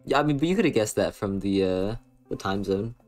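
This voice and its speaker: Brief: young American guy, lowish voice, loose rambly stream chatter, faint music behind. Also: lively intonation, brisk, a little mellow. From western United States. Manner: rambling, filler-heavy, playful. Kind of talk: casual chat reading stream chat.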